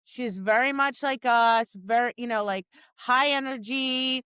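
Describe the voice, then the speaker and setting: A woman's voice: on the high side, a little slow, clear, resonant tone, no room sound. A woman co-hosting a dog training podcast, telling stories in casual chat and acting out quotes. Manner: animated storytelling with acted-out quotes, many restarts.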